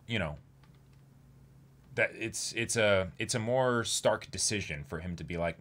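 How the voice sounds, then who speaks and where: A man's voice: on the low side, expressive, unhurried, a bit bright. A man co-hosting a casual podcast chat, talking thoughtfully and analyzing the show. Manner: thoughtful, analytical, drops in acted quotes. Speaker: podcast co-host. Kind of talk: casual chat reacting to anime.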